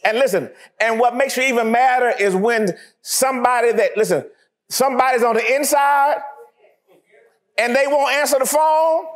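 A man preaching a sermon, acting out little scenes with laughter and sudden shouts. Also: very high-pitched, normal speed. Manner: animated, acts out scenes, laughs often. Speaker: pastor.

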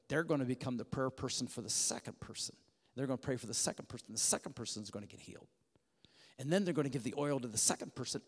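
A man preaching a sermon, telling a story animatedly and swinging from hushed to loud. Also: medium pitch, breathy edge. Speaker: guest preacher. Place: church sanctuary. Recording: church hall reverb.

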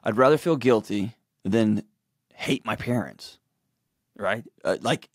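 An earnest man in his forties with a drawl, speaking at a middle pitch in a dry, close studio sound. He tells personal stories and slips into other people's voices when he quotes them. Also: a little slow, no echo. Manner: earnest storytelling, acts out quotes in shifting voices. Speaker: guest, author and show host. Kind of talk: candid conversational interview talk.

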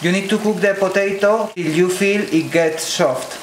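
Man, Spanish accent, slow careful cooking demo, fairly high voice, echoey kitchen, faint sizzling pan. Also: slight background noise. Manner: slow, careful, non-native phrasing with fillers. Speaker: cooking channel host. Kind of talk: step-by-step cooking demonstration. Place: home kitchen.

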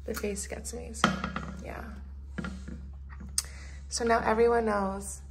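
A woman's voice: on the high side, little pitch movement, takes it slowly, vocal fry. A young woman chatting casually in a home vlog, bubbly and gushing, with frequent "like" fillers. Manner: bubbly, gushing, uses "like" often. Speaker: lifestyle vlogger. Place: at home, indoors. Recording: noticeable background noise.

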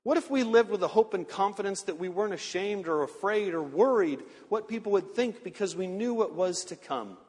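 High-voiced man preaching in a reverberant hall. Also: lively intonation, a little mellow, husky. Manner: earnest storytelling, slowing for emphasis. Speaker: pastor. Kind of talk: sermon. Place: large church sanctuary.

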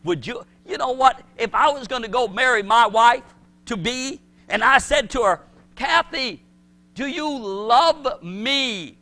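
Bright, high-pitched preaching man. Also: moderate pace. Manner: emphatic and repetitive, acting out quoted voices. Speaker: pastor. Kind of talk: sermon.

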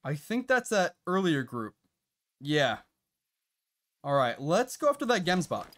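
A chatty male game streamer talking his viewers through a hunt. His voice sits a little high and swings widely in pitch, jumping up when something surprises him. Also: sing-song, unhurried. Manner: chatty, reacts loudly with laughs and gasps. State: out of breath at times. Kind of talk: live gameplay commentary.

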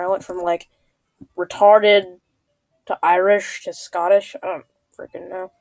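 A woman's voice: mid-range voice, normal speed, long pauses, darkish tone, no room sound, soft background music. A woman giving casual, joking commentary while playing a video game, with offhand muttered asides. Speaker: gamer. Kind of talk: casual let's play commentary.

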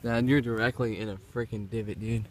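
A man's voice: on the low side, steady tone, fairly quick. Young man vlogging on a golf course. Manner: laughing, playful. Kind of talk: casual vlog chat. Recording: outdoor ambient noise.

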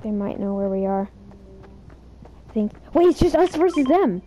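A young woman gaming with a friend, excitable, rattling off repeated commands. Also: mid-range voice, moderate pace. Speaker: gamer. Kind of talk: excited gameplay chatter. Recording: noisy game audio behind.

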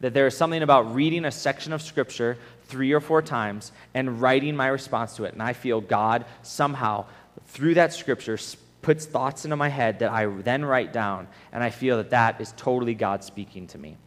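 A man preaches at a youth camp. He tells stories in an animated way, often stops to restart a phrase, and then walks the campers through instructions. His voice carries a long hall reverb. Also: medium pitch, normal speed. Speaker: camp speaker.

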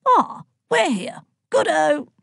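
A woman's voice: sits high, big pitch swings, takes it slowly, vocal fry, no room sound, clean studio sound, voice pushed up, exaggerated voice. A woman voicing a chatty, jovial older male god who rambles and teases, in an audiobook. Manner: hearty, rambling, teasing. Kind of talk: audiobook character voice.

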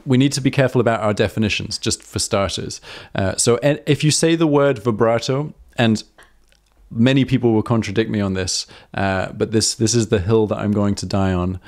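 A man's voice: on the low side, a little mellow. A man hosting a live harmonica Q&A, explaining techniques in a chatty way, full of ums and self-corrections. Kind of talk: casual live-stream teaching.

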